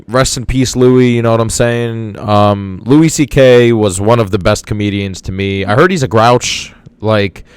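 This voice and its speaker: A man's voice: on the low side, clean tone, no room sound. A man hosting a podcast in a casual monologue, rambling and repeating words with enthusiasm. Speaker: podcast host.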